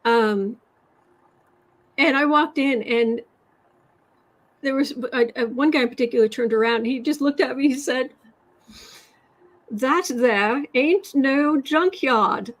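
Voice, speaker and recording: A woman from West Virginia hosting a tarot and astrology livestream, telling stories in a rambling, animated way with sudden emphatic outbursts. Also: high-pitched, normal speed, pauses often. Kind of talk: casual chat, storytelling.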